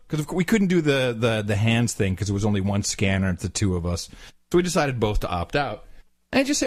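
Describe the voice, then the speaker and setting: A man's voice: high voice, big pitch swings, brisk, a little mellow, dry recording, clean studio sound. A man co-hosting a podcast, telling a travel story casually and acting out the people he quotes in mocking voices. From Netherlands. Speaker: podcast co-host.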